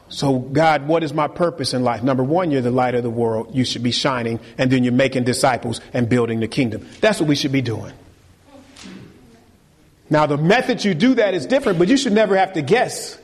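A man's voice: mid-range voice, brisk, breathy edge, in a large hall. A man preaching a sermon as pastor, emphatic and repeating key phrases for force.

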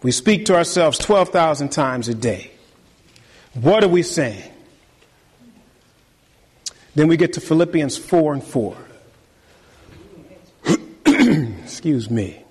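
High-voiced animated pastor preaching. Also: male voice, slow, long pauses, slightly rough, big-room sound. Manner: animated preaching, repeats phrases, talks to the congregation. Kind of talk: sermon. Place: church sanctuary.

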